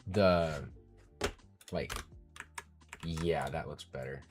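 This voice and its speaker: A man's voice: a bass voice, extremely slow, music in the background. A man live-streaming his coding, thinking aloud as he works, muttering code names and getting frustrated at bugs.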